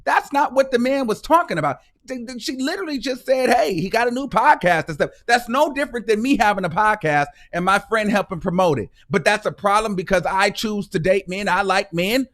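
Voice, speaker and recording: A man's voice: high-pitched, a little fast, hardly any pauses, a bit bright. A man hosting a livestream show, ranting heatedly with sarcasm, repetition and frequent swearing. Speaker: host.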